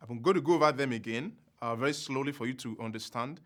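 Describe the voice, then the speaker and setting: A man with a Yoruba accent teaching a language lesson, speaking deliberately and repeating words for drills. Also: medium pitch, a bit bright. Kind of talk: slow spoken language lesson.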